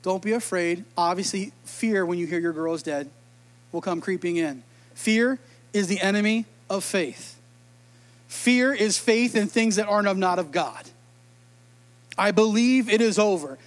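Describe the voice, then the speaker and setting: A man's voice: sits high, unhurried. A man preaching a sermon in a humorous, conversational way, acting out quotes. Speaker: pastor.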